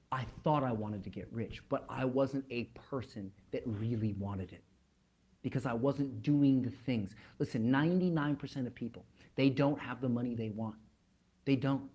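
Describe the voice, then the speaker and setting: As a motivational speaker, a man tells a story to an online audience, building emphatically and repeating words before dropping dramatically to near-whispers. His voice is mid-range, dark and husky, at a normal speed.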